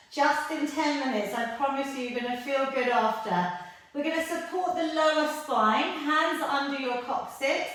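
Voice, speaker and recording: A woman's voice: high-pitched, normal speed, fairly bright tone. A woman fitness instructor coaching a workout from the mat, encouraging and out of breath as she exercises along. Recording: echoey room, voice from far off mic.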